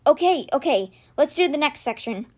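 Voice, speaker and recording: A woman's voice: high-pitched, animated, moderate pace, voice pushed up. A woman voicing an anxious, earnest teenage boy who speaks in nervous, eager bursts. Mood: excited.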